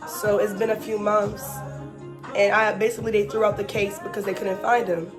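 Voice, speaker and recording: A young woman vlogger in casual chat, telling a personal story with animated, emphatic asides and exasperated repetition. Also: medium pitch, normal speed, over music.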